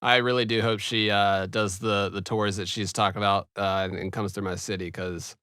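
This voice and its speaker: Low-voiced laid-back podcast host. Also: male voice, level tone, moderate pace, sharp tone, clear, resonant tone, no room sound, studio quality. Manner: laid-back, laughs easily, filler "uh"s. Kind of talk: casual podcast chat.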